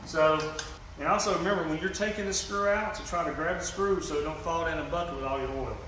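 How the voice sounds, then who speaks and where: Talking fast in a slightly high voice over background noise, a fishing channel host from Georgia casually shows how to do a hands-on repair. His Southern speech is folksy, peppered with "y'all," fillers, and restarts.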